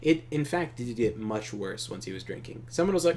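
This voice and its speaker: A man's voice: lowish voice, lively intonation, brisk, darkish tone, slight background noise. A man hosting a co-op gameplay video, telling stories in a rambling, profane way and laughing often. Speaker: co-op gameplay host. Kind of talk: casual storytelling chat.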